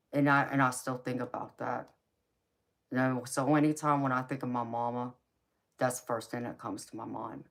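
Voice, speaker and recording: A woman hosting a tarot livestream, telling a personal story in an earnest, emotional way, often stumbling over repeated starts. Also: rumbling low. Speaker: tarot reader hosting a live stream.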